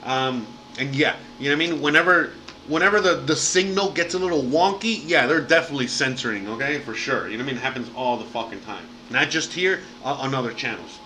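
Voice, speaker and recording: A man's voice: medium pitch, animated, quick pace, sharp tone, a little hiss or hum, poor audio. A man hosting a livestream, rambling and swearing freely with lots of fillers in casual chat. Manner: rambling and profane, heavy fillers. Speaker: livestream host.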